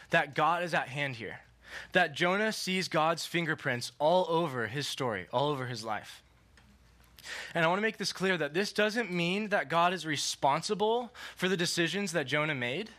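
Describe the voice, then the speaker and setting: Bright-voiced young man preaching casually. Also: a little high. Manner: casual, conversational, lots of "like" and "okay". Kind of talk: sermon with a personal story.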